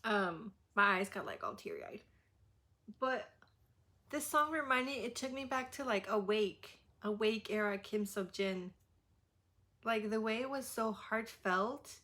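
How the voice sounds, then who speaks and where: A woman reacting to a new album, speaking in loose, gushing casual chat. She peppers every phrase with "like" and trails off into restarts as she gets emotional. Her pitch sits in an ordinary middle range. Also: expressive, a little slow, long pauses, a bit bright. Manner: heavy use of "like". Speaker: music reaction host.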